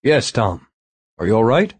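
A calm, concerned older father, as a male narrator voices him, low and even on the phone. Dry, close audiobook sound. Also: measured pace, slightly rough, dry recording, heavily acted.

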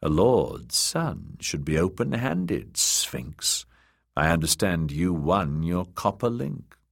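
A man voicing a lazy young nobleman with a soft, sly way of speaking. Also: deep voice, very animated, slow pace, gravelly, no echo, studio quality, exaggerated voice.

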